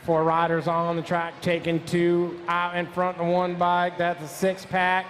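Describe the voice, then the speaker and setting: A man's voice: high-pitched, completely flat delivery, slight background noise. A man announcing a live BMX race, rattling off rider names, numbers and nicknames as they hit the track. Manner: rapid-fire calling of rider names and numbers.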